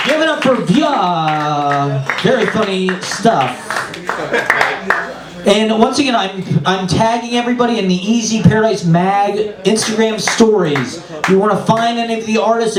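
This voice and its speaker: High-voiced upbeat male emcee in a club. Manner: upbeat, hyping acts and plugging. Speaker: open mic host. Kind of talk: emceeing a live show. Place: small club stage. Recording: roomy live club from a distance with crowd. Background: crowd.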